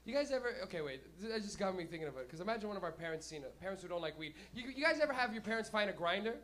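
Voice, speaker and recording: Guy with a pretty high voice doing stand-up, swears a ton, keeps cracking himself up. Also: expressive, rapid-fire, bright, forceful tone. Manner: loose, profane, laughs at his own jokes. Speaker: stand-up comedian and host. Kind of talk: stand-up comedy. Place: comedy club stage.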